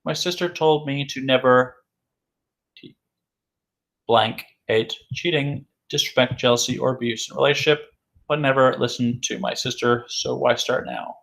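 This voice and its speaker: A man teaching an English vocabulary lesson at a middle pitch, saying each new word two or three times. He asks the class a question and answers it himself. His delivery is slow, deliberate and patient. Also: steady tone, vocal fry, fairly bright tone.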